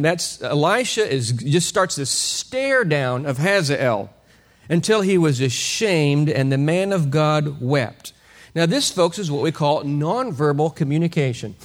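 A man preaching an expository sermon, animated and full of rhetorical questions, chuckling now and then as he teaches. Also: fairly high pitch.

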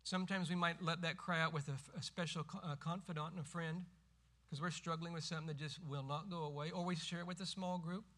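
A middle-aged man preaching a sermon as pastor, emphatic and rising to forceful cries when quoting scripture. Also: a little high, steady tone, quick pace.

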